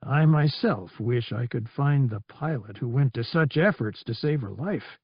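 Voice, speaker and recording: A man voicing a gravelly elderly alien admiral who speaks formally and courteously, in an audiobook. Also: medium pitch, animated, no echo, dull audio. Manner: formal, measured speech.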